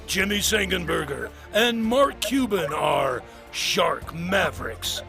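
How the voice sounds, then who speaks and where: A man's voice: high voice, animated, takes it slowly, vocal fry, pushed and bright, full character voice. A man doing a dramatic movie-trailer announcer. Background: music.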